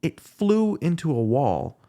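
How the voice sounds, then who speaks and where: A man's voice: on the high side, wildly swooping pitch, slow pace, warm tone. A man who hosts his own podcast, a guest here, chatting casually and telling stories with easy laughter. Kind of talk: casual chat.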